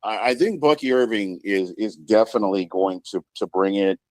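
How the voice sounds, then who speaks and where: A man appearing as a guest on a sports talk show, earnest and halting, often restarting his sentences. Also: lowish voice, darkish tone, dry recording, low-quality recording.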